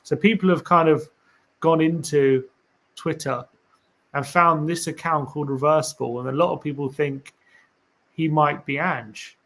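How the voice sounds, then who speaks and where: A man's voice: fairly high pitch, fairly even intonation, a little slow, fairly bright tone. A man hosting a casual live stream for a fan channel, reading tweets aloud, musing and rambling with rhetorical questions to viewers.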